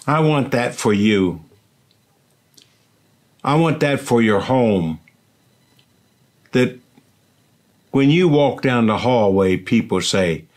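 Slow, earnest older man preaching. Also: mid-range voice, expressive. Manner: slow, earnest, repeats "see" and "does that make sense". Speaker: pastor. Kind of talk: sermon.

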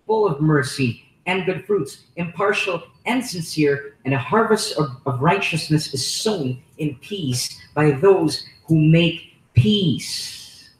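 A Filipino-accented man preaches with emphasis, hammering key words and throwing rhetorical questions at his listeners. His voice sits somewhat high for a man. The recording has a roomy echo, as in a church hall. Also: expressive, slow. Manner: repeats and stresses key words. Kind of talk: sermon. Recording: echoey room.

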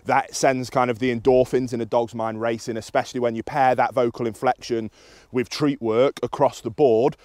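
A British man, a dog trainer, calmly explaining his method to the camera outdoors while he works a dog. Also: normal speed, no echo. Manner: calm and instructive, with high excited praise to the dog.

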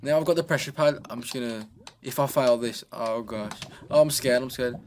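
A man's voice: mid-range voice, normal speed, darkish tone, a little hiss or hum. A man giving casual, joking commentary on his own gameplay, chatting away and talking to himself at a desk microphone. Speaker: gaming channel host.

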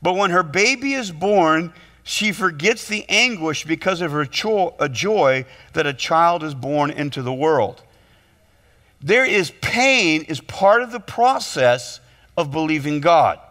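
A man preaching a humorous sermon as pastor, telling stories in an animated way with quick jokes and repeated words. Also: on the high side. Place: church sanctuary. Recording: long hall reverb.

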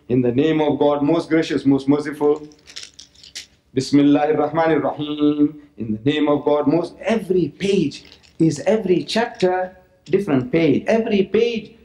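A man from South Africa giving an animated religious lecture to an audience, full of mocking asides and repeated phrases. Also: on the high side. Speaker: public lecturer. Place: lecture hall. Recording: roomy lecture hall recording.

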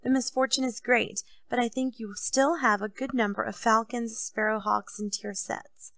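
Brief: woman as a composed storybook captain, soft and measured, a little gravelly. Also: a little high, dry recording. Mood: calm. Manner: calm, quiet, measured. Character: calm, shrewd captain, grown man.

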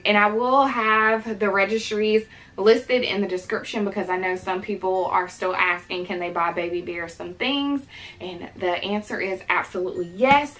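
A young woman in late pregnancy, out of breath and breathy, chatting to viewers in a casual unboxing vlog. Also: medium pitch, bright, forceful tone, rough recording. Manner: chatty, addresses viewers as "you guys". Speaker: vlogger.

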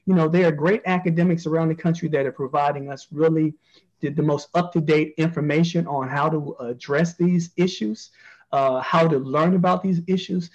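A man's voice: a little high, steady tone, moderate pace, darkish tone, muffled recording. An American man, a journalist speaking as a panel guest, earnestly answering and repeating phrases for emphasis. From United States.

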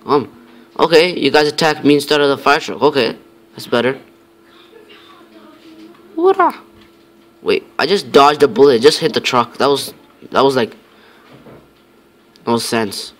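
A man's voice: mid-range voice, fairly bright tone. A man giving casual, rambling commentary over his own gameplay, talking to himself with many fillers and mock-tough lines.

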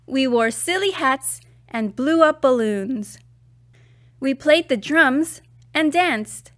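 Slow, expressive woman reading a storybook. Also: sits high. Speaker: children's book reader. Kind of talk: storybook read-aloud.

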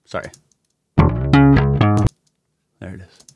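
A man chatting casually on a livestream while producing music, muttering to himself, swearing and mocking himself. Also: rapid-fire. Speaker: music producer streaming a session. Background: music from the session.

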